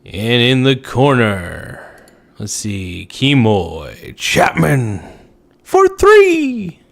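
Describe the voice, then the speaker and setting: Slow-talking joking male livestream host. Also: lowish voice, expressive, vocal fry, a bit bright. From United States. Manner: joking, riffing, slow drawl with sudden outbursts. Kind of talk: casual livestream chat reading viewer comments.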